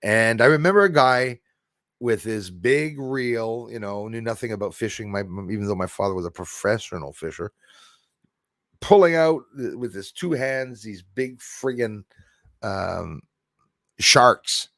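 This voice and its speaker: A man's voice: lowish voice, unhurried, fairly bright tone, no room sound, clean studio sound. A man hosting a live stream, chatting casually in a rambling way and answering viewer comments. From Quebec.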